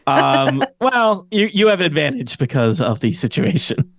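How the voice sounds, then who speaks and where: A man narrating as game master in a relaxed, chuckling, loosely improvised way. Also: on the high side, normal speed, vocal fry, dry recording, clean studio sound.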